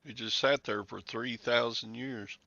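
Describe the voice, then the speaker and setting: A man's voice: medium pitch, steady tone, measured pace, vocal fry, sharp tone, dry recording, muffled recording. A man hosting a casual live chat, blunt and dry-humored. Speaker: host of a livestream.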